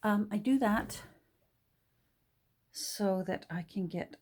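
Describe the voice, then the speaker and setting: Slow, husky-voiced woman crafter. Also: mid-range voice. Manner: soft-spoken, hesitant, with frequent fillers and restarts. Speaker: junk journal crafter. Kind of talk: casual crafting tutorial. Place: indoors at a craft desk. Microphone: camera on the desk.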